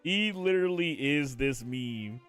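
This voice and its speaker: A man's voice: medium pitch, animated, unhurried, a bit bright, faint music behind. A man ranting casually on a live stream, swearing constantly, laughing often and jumping into quoted character voices.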